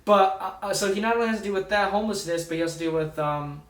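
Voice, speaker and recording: A man's voice: sits high, fast, a little hiss or hum. A man casually reviewing horror films in a rambling way, full of ums, uhs and restarts. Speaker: movie reviewer. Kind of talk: casual movie review vlog. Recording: echoey room, distant mic.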